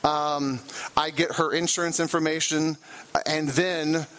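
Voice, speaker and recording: A man's voice: on the high side, level tone, a little slow, fairly bright tone, rough recording. A middle-aged man, a trauma therapist and guest speaker, telling a personal story to a church crowd in a loose, conversational way with fillers and self-corrections. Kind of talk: storytelling talk from a church platform.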